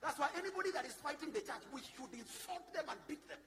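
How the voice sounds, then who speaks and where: A Kenyan man preaching a sermon in a very high voice that leaps up and down. He swings from loud shouting to quiet asides, passionate and forceful before his congregation. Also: expressive, fast. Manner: passionate, shifts from loud shouting to low asides, mixes in Swahili. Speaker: bishop and preacher.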